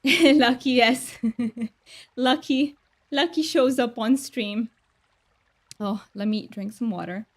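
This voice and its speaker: A woman's voice: fairly high pitch, takes it slowly. A woman streamer chatting casually with her viewers while gaming, bubbly and laughing often. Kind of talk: casual live-stream chat.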